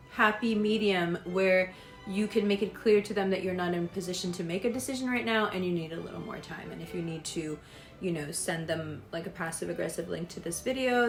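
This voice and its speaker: A woman giving a casual horoscope reading in a chatty, animated way, sometimes acting out imagined dialogue. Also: lowish voice, normal speed, reverberant, soft background music. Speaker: astrologer.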